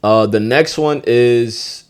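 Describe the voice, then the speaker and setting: A man with a New York accent hosting a podcast, teaching slang in a loose, profane, animated way and getting loud when he acts out phrases. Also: medium pitch, slow, clear, resonant tone. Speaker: podcast host. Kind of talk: casual podcast lesson.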